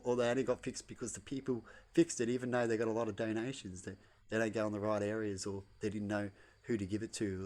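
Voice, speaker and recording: Man, casual home vlog monologue, wandering and repetitive. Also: mid-range voice. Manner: loose, repetitive, tags lines with "right?". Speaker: vlogger. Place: at home indoors.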